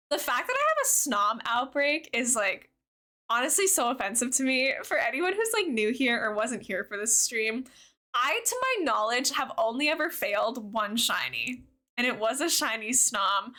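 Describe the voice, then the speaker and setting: Bubbly young woman streamer, lively pitch. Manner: bubbly, chatty, giggly, reads chat aloud. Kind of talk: casual livestream chat with viewers.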